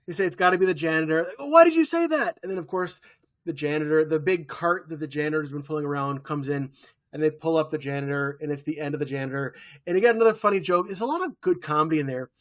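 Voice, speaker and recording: A man's voice: a little high, fast talker. A man in his thirties co-hosting a podcast, recapping a TV episode in casual chat and acting out quoted lines as he tells it. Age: 30s. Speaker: podcast co-host.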